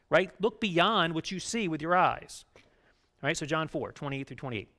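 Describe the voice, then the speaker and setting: A man preaches to his congregation in a loose, conversational way, tossing in quick "right?" asides as he goes. His voice sits a bit high for a man, and he swings from emphatic, raised lines to hushed, low ones. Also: expressive. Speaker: pastor. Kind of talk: sermon.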